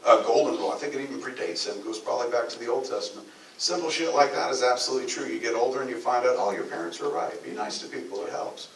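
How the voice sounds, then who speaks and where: A filmmaker answering audience questions in a live Q&A, talking candidly and profanely in a rambling way. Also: male voice, mid-range voice, rapid-fire. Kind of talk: live Q&A talk. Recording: roomy echo, distant mic, noisy ambience.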